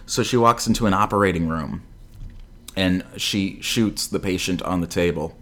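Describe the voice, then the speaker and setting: A man's voice: low-pitched, moderate pace, fairly bright tone. A man co-hosting a casual movie review chat, retelling scenes with sarcasm and mock voices. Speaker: podcast co-host.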